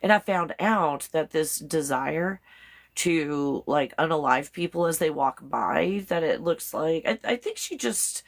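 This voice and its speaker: Woman live-stream host, lower voice, chatty, laughs a lot, reads out comments. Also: vocal fry. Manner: spells out words letter by letter. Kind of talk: casual live stream chat.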